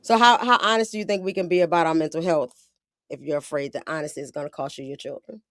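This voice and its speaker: An adult woman with a daughter hosts a podcast, speaking fast in a low, fairly bright voice. She talks bluntly in casual slang and often acts out quotes. The recording has no echo.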